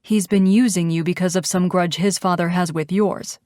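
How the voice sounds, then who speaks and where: A woman voicing a protective male biker who speaks steadily and gently. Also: lowish voice, moderate pace, no room sound, studio quality, natural voice. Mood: matter-of-fact. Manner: calm, reassuring.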